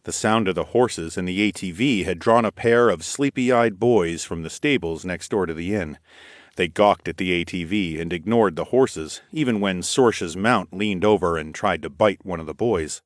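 A man reading an audiobook in first person with a steady, expressive delivery. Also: deep voice, normal speed, no echo, studio quality. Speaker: audiobook narrator. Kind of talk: scripted narration.

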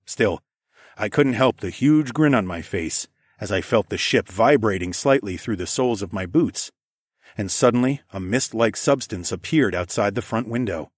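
Low-voiced male audiobook narrator. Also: expressive, normal speed, breathy edge, dry recording, clean studio sound. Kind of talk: first-person audiobook narration.

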